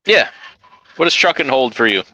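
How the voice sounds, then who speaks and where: A man's voice: medium pitch, very animated, normal speed, sharp tone, low-quality recording. A man who hosts a trucking live stream, chatting casually and teasing his guest with jokes. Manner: joking, teasing.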